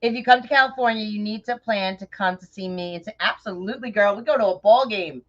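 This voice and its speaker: A middle-aged woman from New York with a New York accent, chatting warmly and effusively with viewers by name while crafting on a livestream. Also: medium pitch, quick pace. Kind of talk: casual livestream chat while crafting bows. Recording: dull lo-fi livestream audio.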